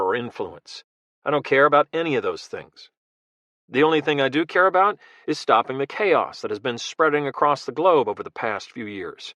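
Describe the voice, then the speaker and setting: A man's voice: mid-range voice, fairly bright tone, no echo, lightly acted. A man voicing an intense American former Marine leader who speaks bluntly and earnestly.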